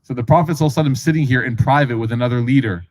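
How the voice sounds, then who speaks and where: A man's voice: medium pitch, very fast, rough recording. A man telling a religious story in a casual lecture style, acting out the voices of the people in it with many asides to the audience. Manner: animated storyteller, acts out quoted voices, frequent asides. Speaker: preacher.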